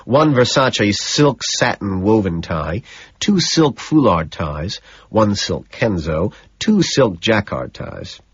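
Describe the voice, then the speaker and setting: Male first-person audiobook narrator, measured and detached; husky voice, dull lo-fi recording. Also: deep voice, dry recording.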